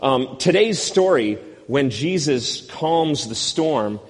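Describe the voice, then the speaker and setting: Brief: fifties male pastor, husky, wry sermon delivery, reverberant church hall. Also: medium pitch, expressive, slow pace. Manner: wry, self-deprecating storyteller.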